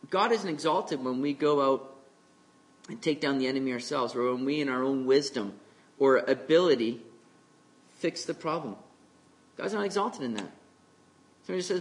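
A male pastor delivers an expository sermon in a relaxed, conversational tone, with a voice a touch higher than most men's. He slows down and leans into scripture readings. He breaks into little acted-out voices for the people he quotes.

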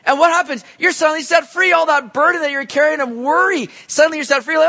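A man preaching a sermon as a pastor, in a conversational, animated way with many asides, often leaping up to act out reactions. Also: quick pace, hardly any pauses. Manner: animated, jumps into high voices to act out reactions.

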